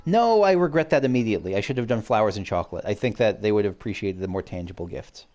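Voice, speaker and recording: A man's voice: lowish voice, lively intonation, quick pace, darkish tone. A man hosting a let's play, chatting casually and thinking aloud with self-deprecating asides. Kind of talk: casual game commentary.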